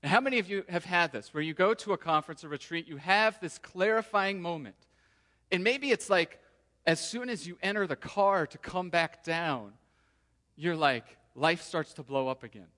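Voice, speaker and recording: A man preaching a sermon to his congregation in a relaxed, conversational way, sometimes voicing the people in the story. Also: high voice, normal speed. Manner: conversational, acts out quoted voices. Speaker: pastor. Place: church sanctuary. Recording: long hall reverb.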